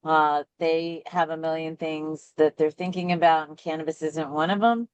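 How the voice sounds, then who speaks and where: A woman's voice: low-pitched, steady tone, normal speed, clear, resonant tone, dry recording, highs cut off. A woman hosting a casual talk show, chatting and laughing along easily with her guest. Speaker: host. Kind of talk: casual chat.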